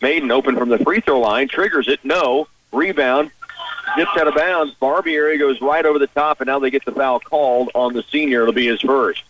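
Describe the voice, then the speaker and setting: Male radio play-by-play caller, mid-pitch, clipped rapid calls, slightly distant from the mic. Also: a bit bright, slight background noise. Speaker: play-by-play announcer. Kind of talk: radio basketball commentary. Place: high school gym broadcast position.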